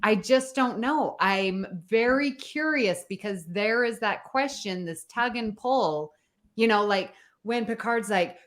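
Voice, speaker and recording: A woman's voice: a little high, slow. A woman co-hosting a podcast, musing aloud in casual chat. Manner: musing, curious. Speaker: co-host.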